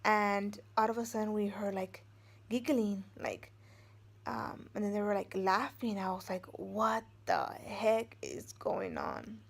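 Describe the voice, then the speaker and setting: A woman's voice: mid-range voice, big pitch swings, unhurried, vocal fry. A middle-aged woman vlogging from home, telling a personal story in a rambling, meandering way. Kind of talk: casual storytelling.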